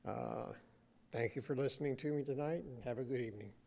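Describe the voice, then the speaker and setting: A man giving a measured, polite public comment at a city council meeting, pausing often with "uh". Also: medium pitch, creaky, darkish tone. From United States. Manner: measured, polite, with frequent "uh" pauses.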